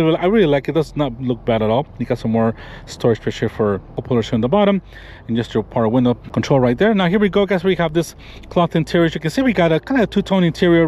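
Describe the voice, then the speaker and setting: Fast-talking man giving an enthusiastic car walkaround. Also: a little high, darkish tone, slight background noise. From Florida. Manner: enthusiastic, rambling show-and-tell with frequent restarts. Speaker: car reviewer. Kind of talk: walkaround car review vlog. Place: in and around a parked pickup truck.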